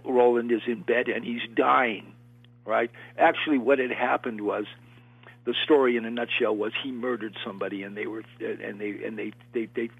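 An older man, an actor, telling an animated story in a casual interview, with lots of restarts and acted-out quotes. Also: mid-range voice, vocal fry, husky, dry recording. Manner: animated, repeats and restarts, acts out quoted voices. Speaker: actor guest recalling film work. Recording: tinny phone-line sound.

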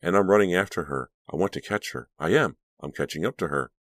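A man's voice: low-pitched, fairly quick, fairly bright tone, no room sound. A man reading an audiobook, voicing an anxious, troubled teenage girl who sounds tense and breathless. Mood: frantic. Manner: tense, pleading, breathless at times.

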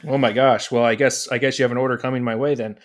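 A man's voice: medium pitch, level tone, fast. A man hosting a podcast in casual chat, loose and rambling with many fillers. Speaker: podcast host.

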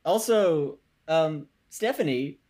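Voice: mid-range voice, expressive, slow, warm tone. A podcast co-host making wry remarks and laughing often in casual chat about a show.

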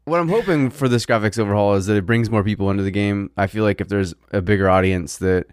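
A man's voice: on the low side, fast, smooth, dry recording. Chatty man, dry close podcast sound. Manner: rambling, loose and chatty, many fillers. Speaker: podcast co-host. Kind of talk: casual gaming podcast chat.

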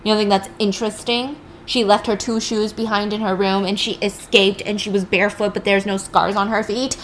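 A woman's voice: medium pitch, little pitch movement, a little fast, slight background noise. A young woman casually recapping a film story with chatty, sarcastic asides.

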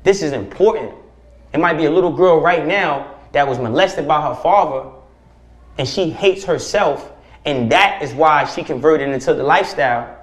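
A man speaking as a podcast guest, preaching forcefully with profanity and rhetorical questions. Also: a little high, moderate pace. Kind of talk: impassioned podcast conversation. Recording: roomy echo.

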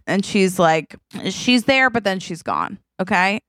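A woman co-hosting a comedy podcast, telling an improvised story and acting out the quoted dialogue in quick turns. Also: medium pitch, a bit bright, clear, resonant tone, no room sound, clean studio sound. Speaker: podcast co-host.

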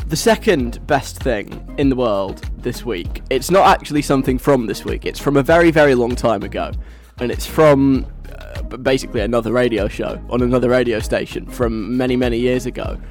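A young man DJing on the radio, chatting casually in a giggly, rambling way. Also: medium pitch.

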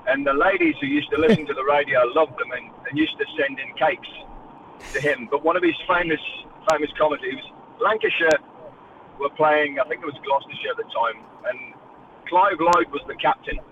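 A man's voice: fairly high pitch, animated, a little fast, distant mic, background noise. A man calling in from his car, telling a jovial anecdote over a tinny phone line. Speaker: caller. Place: car on the road.

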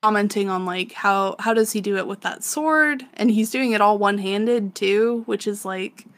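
A woman's voice: medium pitch, moderate pace, fairly bright tone. A young woman co-hosting a podcast, chatting casually through a story recap, laughing often and saying "like" a lot. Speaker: podcast co-host.

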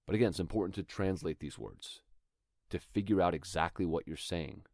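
A man's voice: low-pitched, brisk, creaky, a little mellow, dry recording, studio quality. A man hosting an acting podcast, explaining script work in a thoughtful, conversational way and sometimes reading lines aloud to show them. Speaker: acting coach podcast host. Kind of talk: instructional talk.

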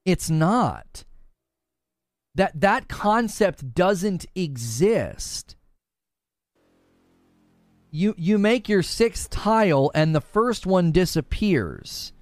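A man's voice: high voice, very slow, long pauses, no room sound, clean studio sound. A man streaming live, answering chat in a sarcastic, incredulous and emphatic way. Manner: animated, emphatic. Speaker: gaming streamer. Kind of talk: live commentary reading chat.

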